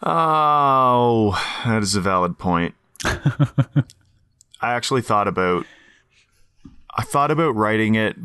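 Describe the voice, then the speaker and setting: A man from Canada chatting on a podcast, quick to joke and laugh as he rambles. His voice sits on the lower side. The sound is close and dry, with no room around it. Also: lively intonation, sharp tone, smooth, no echo. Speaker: podcast co-host. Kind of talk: casual chat.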